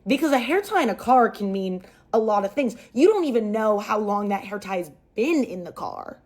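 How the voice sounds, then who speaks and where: A woman's voice: medium pitch, sing-song, moderate pace, a little mellow. A young adult woman casually telling a dramatic personal story, chatty and sarcastic.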